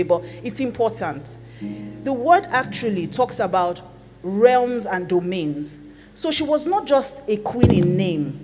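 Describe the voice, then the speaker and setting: A woman pastor preaching a sermon in a conversational, playful teaching manner. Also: on the high side. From Nigeria. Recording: long hall reverb with faint music.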